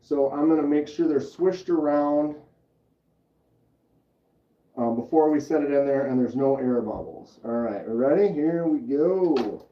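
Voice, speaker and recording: A man's voice: on the high side, a little slow, distant mic, lo-fi sound. Chatty man demoing in a roomy space. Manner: chatty, explains steps and reads chat aloud. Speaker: livestream host. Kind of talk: casual livestream demonstration.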